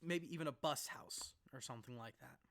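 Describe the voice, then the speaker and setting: A young man vlogging casually into a laptop mic, rambling and laughing as he talks, sometimes rushing and sometimes slowing down. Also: mid-range voice, gravelly, fairly bright tone. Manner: rambling, laughs often, jumps between fast and slow. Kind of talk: casual to-camera vlog.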